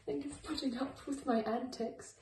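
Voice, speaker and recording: A woman's voice: high voice, steady tone, moderate pace, mellow, roomy sound, recorded from a distance, a little hiss or hum, low-quality recording. A woman chatting casually while baking for her channel, playful and goofy. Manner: playful, goofy, makes silly noises. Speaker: YouTuber baking on camera. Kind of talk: casual baking vlog chat. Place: home kitchen.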